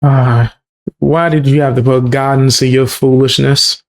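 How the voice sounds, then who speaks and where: A man's voice: medium pitch, little pitch movement, measured pace. A man hosting a casual reaction commentary, blunt and incredulous about what he hears. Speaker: commentary host.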